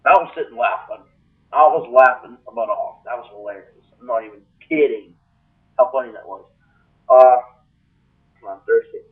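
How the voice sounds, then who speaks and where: A man ranting comically to his webcam, breaking into exaggerated high-pitched outbursts. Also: normal speed, pauses often. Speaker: comedy vlogger. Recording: tinny lo-fi webcam audio, distant from the mic.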